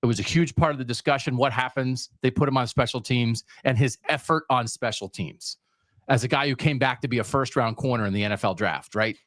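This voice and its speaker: A man's voice: medium pitch, fairly quick, fairly bright tone, no echo. Emphatic man talking football. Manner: emphatic, builds points in long lists. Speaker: podcast co-host. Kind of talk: sports podcast chat.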